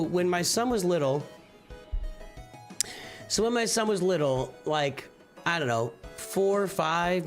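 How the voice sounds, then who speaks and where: Chatty rambling male streamer, fairly high voice. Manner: rambling, restarts often, thinks aloud. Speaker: streamer and channel host. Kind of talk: casual live-stream chat.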